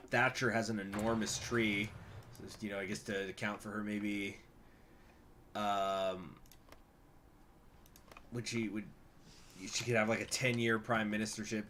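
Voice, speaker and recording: A man's voice: fairly low pitch, fairly bright tone, a little hiss or hum. Man streaming a strategy game. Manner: reads game text aloud, chatty, swears, jokes with chat. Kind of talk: casual live-stream commentary.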